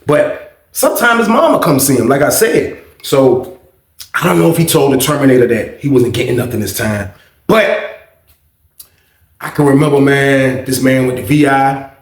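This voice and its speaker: A man telling a story in an animated, slang-heavy, repetitive way, in casual storytime style. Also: mid-range voice, moderate pace, long pauses, echoey room.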